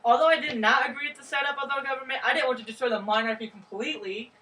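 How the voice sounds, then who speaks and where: A woman's voice: sits high, steady tone, racing, pushed and bright, a little hiss or hum, poor audio. A woman playing a bitter, moderate male revolutionary in a school history role-play, earnest and indignant.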